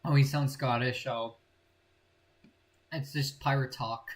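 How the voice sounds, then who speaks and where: A man's voice: mid-range voice, steady tone, slow. A young man in casual gameplay commentary, playful and rambling as he jokes about the characters on screen. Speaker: gaming channel host.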